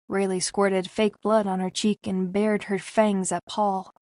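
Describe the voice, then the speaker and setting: A woman narrating a young adult mystery audiobook in a measured, expressive storytelling voice. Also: medium pitch, no room sound, clean studio sound. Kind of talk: scripted narration.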